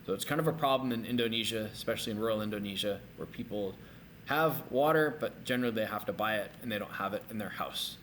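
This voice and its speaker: A middle-aged man giving a recorded language lesson, energetic and repeating words slowly for learners to copy. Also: fairly low pitch, a little hiss or hum. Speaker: language teacher.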